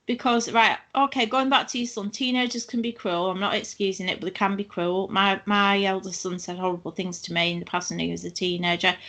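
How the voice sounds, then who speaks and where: A woman of around sixty from England, hosting an interview conversation in a measured, reflective way. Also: medium pitch, level tone, fairly bright tone.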